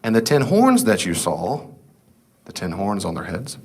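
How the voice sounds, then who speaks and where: Low-voiced man teaching a Bible class. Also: huge pitch swings, unhurried, slightly rough. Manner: conversational, asks the class questions and answers them; reads scripture aloud. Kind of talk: casual Bible class lecture.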